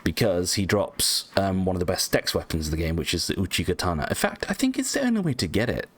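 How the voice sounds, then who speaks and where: Let's-play host: low-pitched man, rambly and animated, swears casually over gameplay. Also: quick pace. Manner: rambling, lots of ums, casual swearing, self-mocking. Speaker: gaming channel host.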